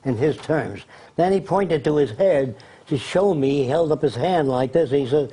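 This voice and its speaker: A man's voice: mid-range voice, expressive, moderate pace, dark tone, husky, poor audio. An older man telling stories as an interview guest, in a conversational, anecdotal way. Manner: storytelling, anecdotal.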